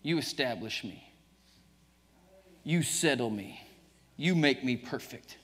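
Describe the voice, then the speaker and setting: A man's voice: mid-range voice, animated, slow, fairly bright tone. A man with a Southern US accent preaching a sermon to his congregation, emphatic and joking with them, chuckling often. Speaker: pastor. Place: church sanctuary. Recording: church livestream, long reverb.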